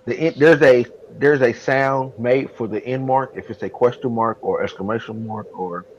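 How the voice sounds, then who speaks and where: A man in a study group talks haltingly, searching for words. The call audio is dull and lo-fi, with faint hiss behind him. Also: medium pitch. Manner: hesitant, halting. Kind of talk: casual discussion.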